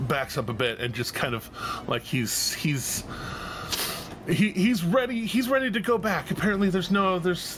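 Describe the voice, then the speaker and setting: A man running a tabletop game as game master, narrating in a rambling way with swearing and laughing asides. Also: fairly high pitch. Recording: faint background music.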